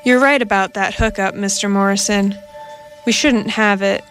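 A woman voicing a tall male android who speaks in a flat, subdued way. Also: medium pitch, normal speed, soft background music, lightly acted. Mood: resolved.

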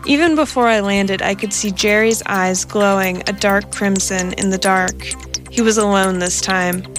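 A woman reading a science fiction story aloud as an audiobook narrator, in a slow, measured storytelling manner. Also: medium pitch, faint music behind.

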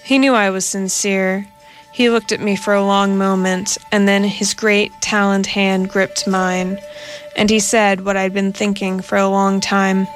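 A woman reading a science fiction story aloud as an audiobook narrator, in a slow, measured storytelling manner. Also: mid-range voice, flat delivery, soft background music.

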